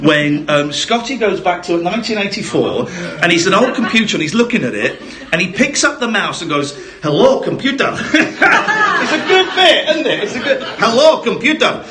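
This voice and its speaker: A man's voice: high-pitched, big pitch swings, fairly quick, a crowd in the background. A man hosting a live comedy podcast, rambling, laughing and swearing through his banter. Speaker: podcast host. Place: live venue stage. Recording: live show with background noise.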